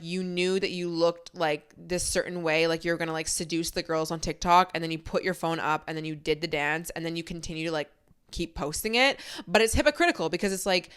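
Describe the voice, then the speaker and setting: Speaking into a studio microphone at home while filming for video, a young podcast host chats candidly and casually, dropping "like" all the time. Her voice is lowish, smooth, and fairly bright.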